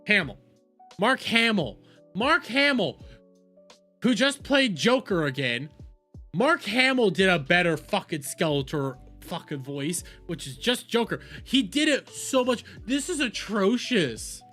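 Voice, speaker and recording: A man's voice: high voice, sing-song, measured pace, pushed and bright, faint music behind. A young adult man giving profane, rambling reaction commentary as a video host.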